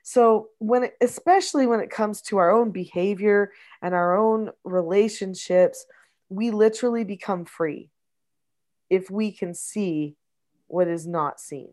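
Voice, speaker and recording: Middle-aged mom in casual chat, thoughtful, explains stuff slowly and restarts her sentences a lot. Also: mid-range voice, darkish tone. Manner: reflective, explanatory, with frequent restarts. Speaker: mother discussing parenting. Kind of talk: casual conversational advice.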